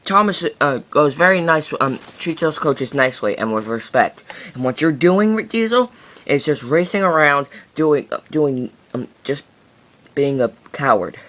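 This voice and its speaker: A man's voice: a little high, animated, a little slow, fairly bright tone. A man doing a huffy, scolding big engine.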